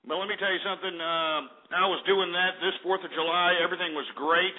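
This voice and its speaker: A man's voice: high-pitched, steady tone, brisk. A man from Texas hosting a talk radio show, rambling in a folksy, blunt way with mild swearing. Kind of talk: casual talk radio monologue. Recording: tinny phone-like radio audio.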